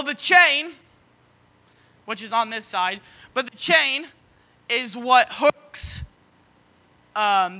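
A high-pitched man preaches a sermon using folksy everyday examples, asking "you know what?" over and over. Now and then he bursts into shouting.

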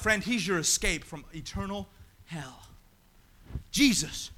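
A man preaching a sermon in a church, swinging between shouted appeals and quiet asides. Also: sits high, expressive, slow. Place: church sanctuary.

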